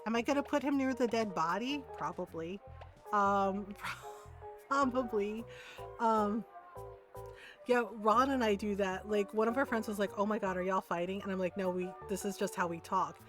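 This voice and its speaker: A woman's voice: mid-range voice, measured pace, a bit bright, soft background music. A middle-aged woman streaming a game, chatting casually with many fillers and frequent laughs. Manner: chatty, laughs often, full of fillers and restarts. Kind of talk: casual gaming stream chat.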